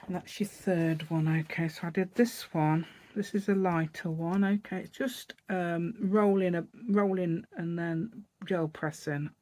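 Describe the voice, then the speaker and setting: In a casual crafting tutorial, an East Midlands Englishwoman walks through a paper project step by step, chatty and rambling as she thinks aloud. She speaks unhurriedly yet hardly pauses, in a lowish, darkish voice with fairly even intonation.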